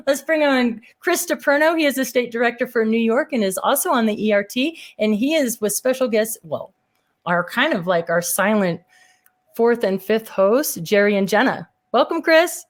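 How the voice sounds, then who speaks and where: A woman hosting a casual show, energetic and chatty as she opens. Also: on the high side, moderate pace. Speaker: host.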